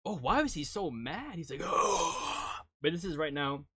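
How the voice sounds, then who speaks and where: A male streamer reacts on a live stream in a loose, casual way, ribbing his audience and breaking into loud laughs. His pitch swings widely and his sound is close and dry, with no room around it. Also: sing-song, measured pace, breathy edge, dry recording. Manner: teasing and joking, with sudden loud jumps and laughter. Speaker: streamer reacting to music videos.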